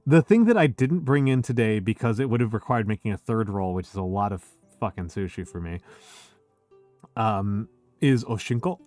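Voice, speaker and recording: A man's voice: on the low side, lively intonation, moderate pace, a little mellow, dry recording, soft background music. A middle-aged man hosting a casual drinking stream from home, rambling and swearing as he keeps interrupting himself. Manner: rambling, profane, self-interrupting. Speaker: streamer host.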